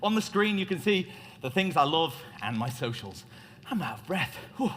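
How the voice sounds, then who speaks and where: Playing the joking showman, this conference speaker gives a theatrical tech talk in a large, reverberant hall. His voice sits on the high side and is a bit bright, with big pitch swings and a moderate pace, plus slight background noise.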